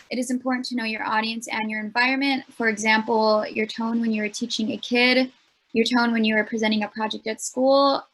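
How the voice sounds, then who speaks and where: A young woman leads a speech workshop with an earnest, explanatory delivery. She fills her pauses with ums, and her voice sits a bit higher than most. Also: fairly bright tone. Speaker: student workshop presenter.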